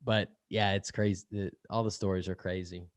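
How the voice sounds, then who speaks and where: A man's voice: low-pitched, level tone, moderate pace, dry recording. A young man speaking as a podcast guest in casual interview chat, rambling with lots of fillers, laughing often and swearing casually. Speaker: podcast guest, sales podcast host.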